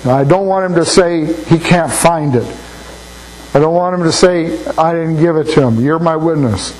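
A man's voice: fairly high pitch, moderate pace, a little mellow, rough recording. An older man preaching a sermon in a folksy, anecdotal way, often repeating words as he thinks. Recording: faint mains hum.

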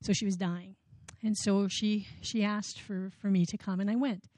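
Woman, church testimony, earnest storyteller, mellow tone, dry close sound. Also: mid-range voice, fairly even intonation, normal speed, dry recording. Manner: earnest storytelling with emphatic repeats. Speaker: outreach worker giving a testimony.

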